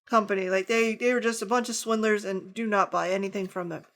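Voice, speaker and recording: A woman's voice: medium pitch, fairly even intonation, a little fast, fairly bright tone. A woman hosting a board game unboxing channel, talking casually with emphatic rants and joking asides. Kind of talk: casual review monologue.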